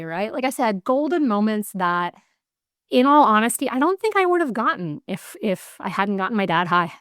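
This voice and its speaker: Podcast host: woman, smooth clear voice, dry close sound, candid and animated. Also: medium pitch, moderate pace, no room sound. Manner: candid, swears casually, animated storytelling. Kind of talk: casual interview chat.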